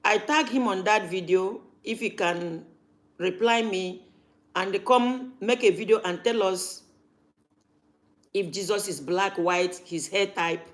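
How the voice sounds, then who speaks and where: A woman's voice: mid-range voice, slow pace. A woman, talking casually to camera as a vlogger and repeating her points for emphasis.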